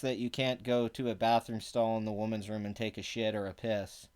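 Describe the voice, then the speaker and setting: A man's voice: fairly low pitch, flat delivery, fairly quick, few pauses, a little mellow, clear, resonant tone. Sarcastic, profane man ranting. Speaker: online commentator. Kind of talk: ranting commentary, reading an article aloud.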